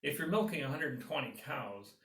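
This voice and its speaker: A man's voice: mid-range voice, animated, brisk, a bit bright. Consultant guy talking through steps, earnest and upbeat, sounds a bit far off in an echoey room. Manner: earnest, encouraging, lists steps. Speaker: business consultant. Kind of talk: advice talk to camera.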